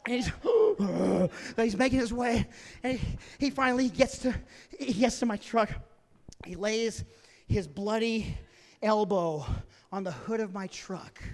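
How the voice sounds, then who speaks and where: A middle-aged man doing stand-up storytelling, animated, swinging between loud shouting and hushed whispers. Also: sits high, a little slow. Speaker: stand-up comedian. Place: large theater stage. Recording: reverberant theater sound.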